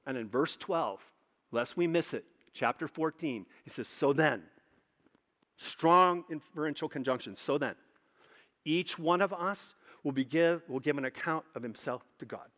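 A man preaching a sermon, emphatic, repeating phrases for stress and slowing low on key points. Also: pushed and bright, in a large hall.

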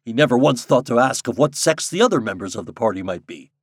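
A man voicing a hearty, bossy older gentleman who teases and boasts loudly. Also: animated, fast talker, husky, dry recording, studio quality. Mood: jovial. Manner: booming, boastful, teasing.

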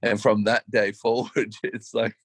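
A man's voice: on the low side, flat delivery, a little slow, fairly bright tone, dry recording. A man co-hosting a casual, reflective chat, speaking earnestly and acting out his own thoughts. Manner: reflective, earnest, self-quoting. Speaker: co-host.

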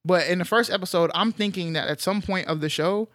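A man co-hosting a podcast, chatting casually in a relaxed, rambling way with slang and fillers. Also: high-pitched, fairly quick, no echo, studio quality. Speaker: podcast co-host. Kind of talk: casual chat.

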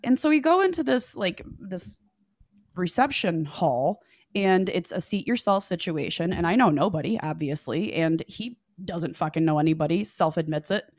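A woman's voice: on the low side, animated, moderate pace, darkish tone, dry recording. Young woman storyteller, swears freely, chatty, dry close sound. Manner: profane, breezy, chatty. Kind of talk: casual podcast storytelling.

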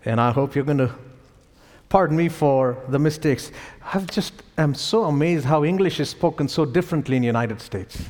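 A man's voice: fairly high pitch, moderate pace. A man with an Indian accent preaching a sermon, telling stories with chuckles between lines. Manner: animated storytelling with chuckles. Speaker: pastor. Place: church sanctuary. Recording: reverberant church hall.

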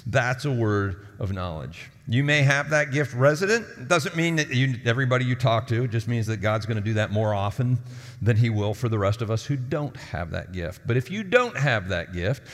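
A male pastor delivers a sermon in a relaxed, conversational manner, slipping into the voices of the people in his stories. His mid-range voice carries a long reverb, as if filling a large church hall. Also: medium pitch, normal speed. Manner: conversational storytelling, acting out quoted voices. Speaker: lead pastor.

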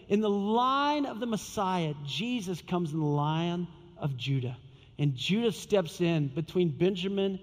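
A man with a high voice preaches to his congregation, acting out each character as he retells the story. His voice rings out with a long reverb in a large hall. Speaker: pastor. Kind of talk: sermon.

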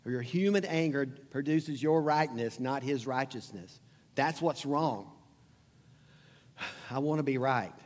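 A man's voice: mid-range voice, slow pace, pauses often, darkish tone. A man preaching a sermon as pastor, talking in a conversational, emphatic way and repeating phrases. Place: church sanctuary. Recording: long hall reverb.

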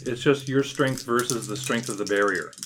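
A man's voice: medium pitch, moderate pace, very noisy. A man narrating a tabletop role-playing game as game master, describing scenes in a hesitant way full of ums.

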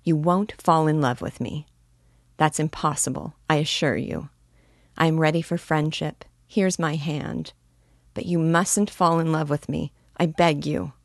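Woman reader as a guarded young woman; firm, measured, low and close. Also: fairly even intonation, vocal fry, dry recording. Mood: frank. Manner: frank, measured, gently firm. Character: frank, cautious young woman, warm but firm. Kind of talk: audiobook dialogue reading.

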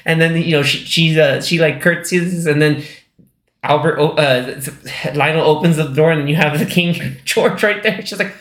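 A man's voice: fairly high pitch, normal speed, a bit bright, reverberant. A man co-hosting a podcast, chatting casually about a film, rambling with many fillers and acting out quotes. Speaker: podcast co-host. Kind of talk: casual movie chat.

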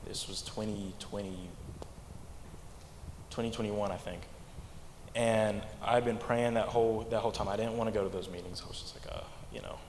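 A young man giving a church testimony in a halting way, often repeating words, mostly speaking quietly. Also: lowish voice, slight background noise. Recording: echoey hall, faint ambience.

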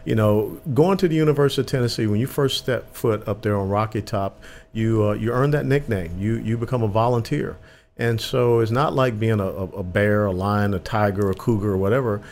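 Older veteran guest, low and gravelly, earnest with emphasis. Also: male voice, fairly quick, darkish tone, a little hiss or hum. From Atlanta, Georgia, US. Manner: earnest, emphatic, repeats words when starting. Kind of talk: conversational interview.

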